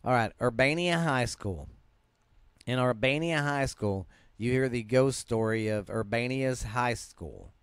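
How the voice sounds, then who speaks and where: A man's mid-range voice, a little slow, comes through clear and resonant with no room sound. He's a podcast host with a Southern US accent casually reading ghost stories, repeatedly stumbling and restarting words in a relaxed, yawning style.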